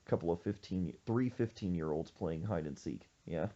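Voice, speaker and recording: A man hosting a podcast, telling a story in an animated, jokey way. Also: low-pitched, normal speed, highs cut off. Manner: animated, jokey, acts out quoted voices. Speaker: podcast host. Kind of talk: casual storytelling chat.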